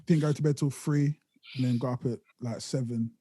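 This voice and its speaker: A man's voice: medium pitch, steady tone, normal speed, mellow, husky, dry recording. A man hosting a podcast in casual chat, talking in laid-back slang and laughing often. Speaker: podcast host.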